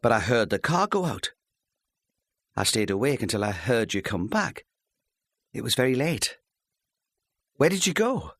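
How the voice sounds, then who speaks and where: A man voicing an anxious fifty-year-old wife who speaks softly and tentatively. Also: medium pitch, sing-song, unhurried, long pauses, dry recording, studio quality, voice pushed up, full character voice. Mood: pleading. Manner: soft, tentative, pleading.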